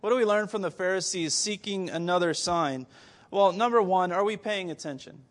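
Delivering a sermon at a moderate pace, a high-pitched male preacher animatedly throws rhetorical questions at his listeners, with occasional stammered restarts.

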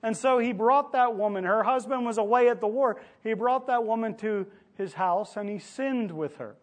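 High-voiced man preaching a story-filled sermon. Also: normal speed. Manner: conversational storytelling preacher, acts out quoted lines.

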